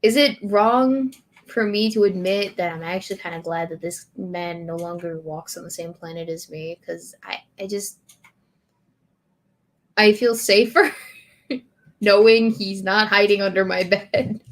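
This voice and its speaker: A woman streamer reading lyrics aloud in a deadpan way and chatting with her audience. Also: medium pitch. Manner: slow, deadpan lyric reading with bursts of laughter.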